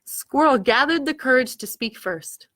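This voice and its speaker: A woman, a children's librarian, reading picture books aloud to children with an animated, questioning storytime manner. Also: sits high, measured pace. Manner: animated, asks listeners questions, gasps at the story.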